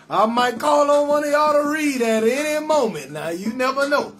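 High-voiced New man hyping viewers. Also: expressive, unhurried, background noise. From New Orleans. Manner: loud, playful, rambling, shouts out viewers with sing-song lilts. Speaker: comedian hosting a live call-in show. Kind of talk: casual live-stream banter. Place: in bed at home.

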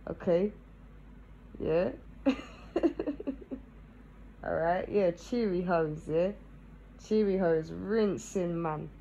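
A woman's voice: lowish voice, darkish tone, slight background noise, poor audio. A woman, chatting casually to camera, tagging nearly every phrase with "yeah?" and laughing between thoughts. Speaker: vlogger.

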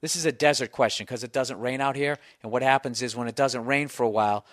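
A man in his forties with a Boston accent, hosting a podcast and telling a comic story in a profane, animated way full of self-mocking inner voices. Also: mid-range voice, fast talker, dry recording, studio quality. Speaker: podcast host. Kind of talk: comic monologue.

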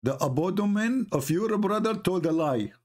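A man hosting an online talk, speaking as an in a mocking, sarcastic way with lively storytelling. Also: high voice, normal speed. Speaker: online debate host. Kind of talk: casual live-stream commentary.

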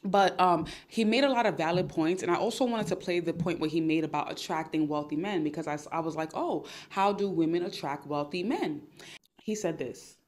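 A woman's voice: low voice, fairly quick, hardly any pauses. A Nigerian woman hosting an advice podcast, emphatic and straight-talking, repeating her points. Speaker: podcast host.

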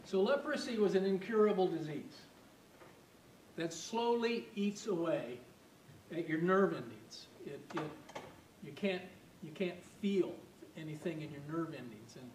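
High-voiced pastor in an echoey church. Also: male voice, animated, a little slow, a little mellow. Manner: conversational, asks the congregation questions. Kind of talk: sermon. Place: church sanctuary. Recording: echoey hall, distant mic, faint rumble.

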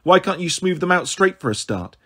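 A man's voice: high-pitched, expressive, a little fast, fairly bright tone, breathy edge, heavily acted. A man reading the part of a weary, resentful stepmother in a storybook. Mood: bitter. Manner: tired and resentful. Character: weary, bitter adult woman, a stepmother.

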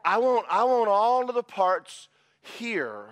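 High-voiced shouting preacher man. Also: slow. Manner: animated, bursts into shouted praise. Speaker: pastor. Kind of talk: sermon.

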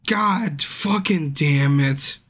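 A man's voice: fairly high pitch, extremely slow, fairly bright tone. A drunk man streaming a game, chatting casually with his viewers by name, frustrated and swearing a lot. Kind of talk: casual live-stream chat.

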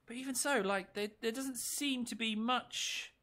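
A man's voice: very high-pitched, very animated, a little slow, few pauses, pushed and bright, slight background noise. A man giving casual, joking, self-mocking commentary over a video game match.

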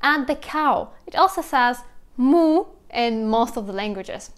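A young woman with a Russian accent explains sounds in a casual vlog, lively and imitating animal noises as she goes. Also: fairly high pitch, measured pace, clear, resonant tone. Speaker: language teacher vlogger.

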